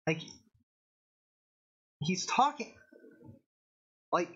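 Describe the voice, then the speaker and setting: A man with a fairly high voice rambles through casual stream commentary, stopping and restarting his sentences often. The audio is dull and lo-fi, like a cheap stream mic. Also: sing-song, bright, forceful tone, husky. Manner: rambling, halting, many restarts. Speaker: show host.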